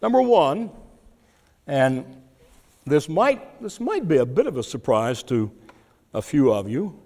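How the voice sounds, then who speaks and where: A man preaching an expository sermon, teaching deliberately with occasional restarts and fillers. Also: on the high side, very animated, warm tone. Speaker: pastor. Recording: long hall reverb.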